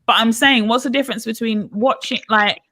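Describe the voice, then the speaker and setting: A host pushes back on the group and poses pointed questions, while trying to make them take turns. The voice is mid-pitched and recorded dry and close, with no room sound. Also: fairly even intonation, fairly quick, pushed and bright, dry recording. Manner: argumentative, moderating, questioning. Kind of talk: casual group chat.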